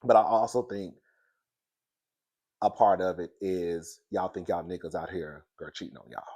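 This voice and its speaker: Chatty stuffy-nosed man with a low voice. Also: moderate pace, mellow. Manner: chatty, talks to listeners as "girl". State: stuffy nose from crying. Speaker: reality TV recap host. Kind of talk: casual recap chat.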